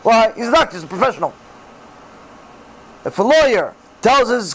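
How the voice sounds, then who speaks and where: A middle-aged man giving a religious class in sermon style, animated and acting out the voices he quotes. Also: very high voice, normal speed, long pauses, breathy edge, poor audio. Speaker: rabbi giving a Torah class.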